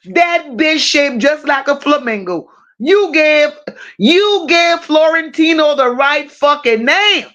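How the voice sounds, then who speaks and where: A woman hosting a casual true-crime livestream, reading viewer comments aloud and answering them with blunt, profane, animated banter. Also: high voice, highs cut off. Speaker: livestream host reading chat.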